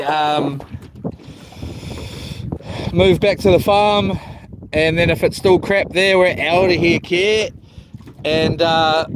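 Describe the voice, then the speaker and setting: A New man live streaming from a small houseboat, chatting in a laid-back, rambling way, greeting viewers by name and swearing casually. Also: a little high. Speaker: livestreaming fisherman. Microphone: phone. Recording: noisy outdoor phone live stream.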